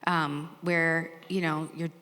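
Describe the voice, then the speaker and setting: A woman in her forties co-teaching a sermon, thoughtful and gentle, with hesitant fillers. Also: sits low, level tone, slow pace. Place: church. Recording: church hall with long reverb.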